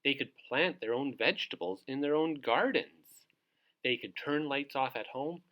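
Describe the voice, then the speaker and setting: A man's voice: mid-range voice, normal speed, highs cut off. A male teacher hosting a children's read-aloud, cheerful and encouraging as he talks to little kids. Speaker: teacher reading to young children.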